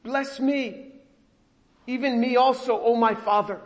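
A man voicing a desperate grown hunter who weeps and begs his father, with high, strained pleas. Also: fairly even intonation, measured pace. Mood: pleading. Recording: long hall reverb.

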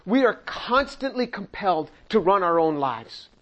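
An older man with a high voice leads a Bible study, talking through the verses in a conversational way. He acts out the voices he quotes and slips in small chuckles. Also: very animated, moderate pace, fairly bright tone, poor audio. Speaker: Bible teacher and chemist.

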